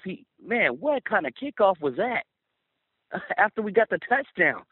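A man's voice: high-pitched, very animated, moderate pace, slightly rough, dry recording. Fired-up male caller on a phone line. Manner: profane, fired up. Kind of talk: angry fan call-in rant.

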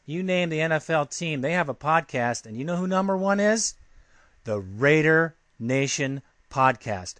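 A man's voice: medium pitch, a bit bright, no room sound. A man hosting a sports podcast, talking casually and brashly, heckling a writer in a fan-style rant. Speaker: podcast host.

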